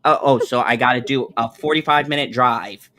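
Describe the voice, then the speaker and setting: A man's voice: medium pitch, moderate pace, bright, forceful tone. A middle-aged man hosting a stream, ranting in casual chat with constant swearing and an exasperated tone. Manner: profane, exasperated ranting storyteller. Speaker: stream host.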